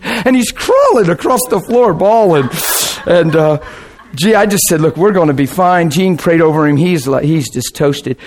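A pastor preaches to his congregation in a chatty, rambling storytelling way. His voice is slightly higher than most men's, and it swings from quiet low asides to excited, raised bursts. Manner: casual, rambling, with restarts and laughter. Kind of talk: sermon storytelling.

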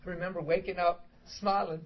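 A middle-aged male preacher gives a loose, conversational sermon, emphatic and animated, slipping into acted-out prayers. His voice sits a little high for a man. The recording is dull and lo-fi with a faint hiss underneath. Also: a little fast. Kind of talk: informal sermon to a small group.

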